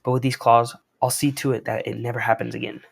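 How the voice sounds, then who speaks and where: A man's voice: mid-range voice, little pitch movement, fast talker, vocal fry, slightly rough. A cocky male villain who copies another hero, read out by a man from a comic. He makes boastful threats with easy confidence. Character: Mimic, male villain impersonating Wolverine, cocky. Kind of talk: reading comic dialogue aloud.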